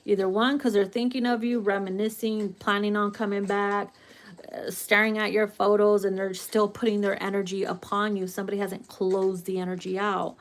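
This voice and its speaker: A woman's voice: medium pitch, little pitch movement, normal speed. Brash, profane woman reading tarot cards. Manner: brash, profane, theatrical, laughs often. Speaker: tarot reader.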